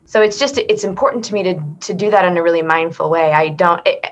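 Speaking fast in a lowish voice, this earnest woman guest reflects thoughtfully during an interview. She's an accent performer who often restarts her sentences and laughs softly.

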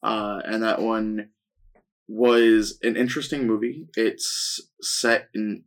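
A man co-hosting a casual film podcast, summarizing a movie plot in a dry, measured way. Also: fairly low pitch, fairly even intonation. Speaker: podcast co-host. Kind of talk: casual film review chat.

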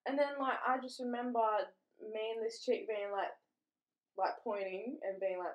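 A woman's voice: fairly high pitch, steady tone, normal speed, muffled recording. A young woman, telling a crude, rambling story in casual chat, full of fillers. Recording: roomy echo.

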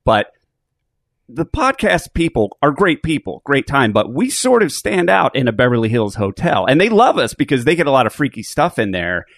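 A man's voice: medium pitch, big pitch swings, moderate pace, fairly bright tone, no room sound, clean studio sound. A man telling a rambling, joking story as a guest in a casual podcast chat.

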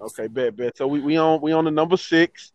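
A man's voice: fairly high pitch, a little fast, highs cut off. Hyped man calling songs fire. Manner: hyped, repeats "bro" and "fire". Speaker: podcast co-host rating songs. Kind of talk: casual album review chat.

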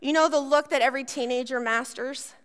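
A woman's voice: high voice, a little fast, clear, resonant tone. A woman pastor preaching a sermon, telling a personal story and acting out the voices in it. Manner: animated storytelling, acts out voices.

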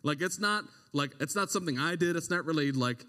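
A man's voice: on the high side, animated, a little fast, pushed and bright. A young man, preaching a casual, conversational sermon as a youth pastor, full of slang and asides. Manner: conversational, slangy, with frequent "like" and "right?". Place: church sanctuary. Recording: long hall reverb.

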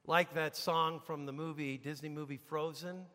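High, bright-voiced male preacher in a reverberant hall. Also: steady tone, normal speed. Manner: emphatic preacher, swings from hushed to loud. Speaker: pastor. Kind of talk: sermon. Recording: long reverb of a large hall.

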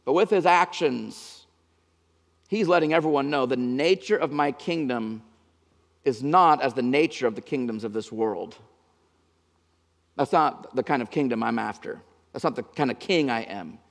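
A male pastor preaches with a slightly raised voice, pressing hard on some lines and dropping almost to a murmur on others. His words ring out with a long hall reverb, as in a big church sanctuary. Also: on the high side. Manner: dynamic preaching, swinging from emphatic to hushed. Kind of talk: sermon.

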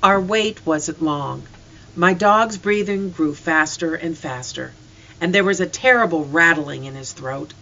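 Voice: medium pitch, unhurried, gravelly, pushed and bright, muffled recording. A reader narrating a storybook in first person with an earnest, emotional delivery.

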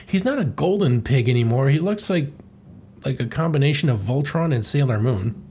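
A man's voice: medium pitch, expressive, normal speed, a little mellow, a little hiss or hum. Rambling, swearing comic recapper, man. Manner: rambling, irreverent, swears often. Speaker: podcast host.

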